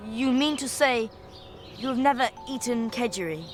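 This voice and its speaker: A woman's voice: on the high side, moderate pace, music in the background, close to an everyday voice. A woman voicing a pompous, upper-class twelve-year-old boy with a plummy, theatrical manner. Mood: scornful.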